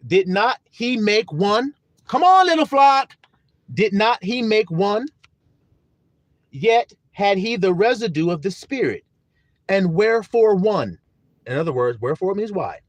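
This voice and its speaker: A male preacher with a high, very lively voice, delivering a sermon. He talks emphatically and bluntly, with casual profanity. The recording is dry and close. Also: dry recording.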